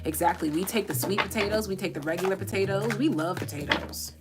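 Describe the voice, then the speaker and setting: A woman's voice: medium pitch, fast, loud music behind the voice. A woman doing a casual live tarot reading, chatty and rambling, swearing freely and laughing at her own jokes. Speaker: tarot reader.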